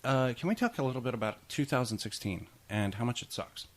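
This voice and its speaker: A man's voice: mid-range voice, animated, fast talker. A man co-hosting a podcast in casual chat, rambling through film trivia with many restarts. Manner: chatty, rambling, tosses in goofy impressions. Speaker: podcast co-host.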